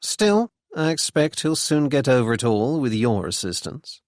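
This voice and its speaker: A man voicing a young gentleman sleuth in an audiobook, speaking with dry, ironic politeness. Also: mid-range voice, big pitch swings, a little slow, no echo. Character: wry young gentleman sleuth, bland and teasing.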